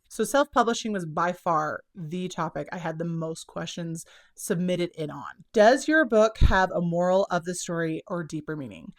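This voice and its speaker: A woman's voice: on the low side, fairly bright tone. A young woman with a drawl talks casually to her viewers. She is a little out of breath, upbeat and chatty. Her words run together with "kind of" and "like.". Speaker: self-published children's book author and channel host. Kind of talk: casual chat to camera.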